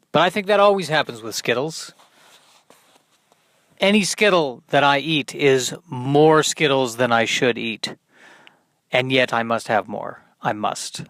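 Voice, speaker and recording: A man hosting a solo podcast, rambling through deadpan, self-deprecating asides. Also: medium pitch, no room sound. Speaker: podcast host. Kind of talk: solo comedic monologue.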